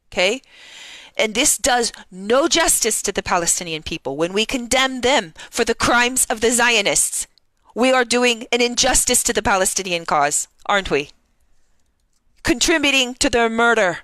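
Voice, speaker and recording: A woman's voice: medium pitch, pushed and bright, no echo. A woman journalist giving heated, indignant live-stream news commentary and reading out timeline entries.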